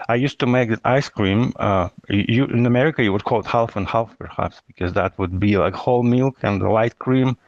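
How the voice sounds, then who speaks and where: A man hosting a casual chat over a call, talking in a halting way with many fillers. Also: fairly low pitch, no echo. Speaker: host. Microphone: call line. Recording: dull, dry call line.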